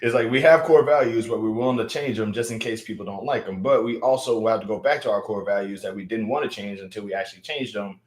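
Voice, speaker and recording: Rambling low-voiced man streaming. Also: quick pace, few pauses. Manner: rambling, full of fillers. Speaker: live streamer. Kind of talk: casual live stream chat. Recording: roomy echo.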